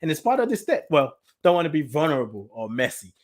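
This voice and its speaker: A man's voice: fairly high pitch, very animated, fast. A man hosting a spiritual talk show, speaking from the heart in an emotional, repetitive way and reading out listener comments. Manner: heartfelt, emotional, repeats himself. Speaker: podcast host.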